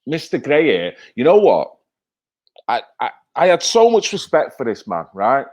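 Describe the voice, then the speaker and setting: A man's voice: mid-range voice, wildly swooping pitch, normal speed, darkish tone. A man commenting on TV clips in a heated, emphatic rant, often tagging his points with "right?". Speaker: video commentator. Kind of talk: reacting to TV clips, ranting.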